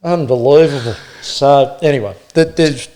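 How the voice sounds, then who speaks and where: A middle-aged Australian man, a former police officer, telling animated stories in casual conversation and acting out the people he quotes. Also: medium pitch, moderate pace, background noise. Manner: animated anecdotes, acts out quoted voices, laughs often. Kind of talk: casual storytelling.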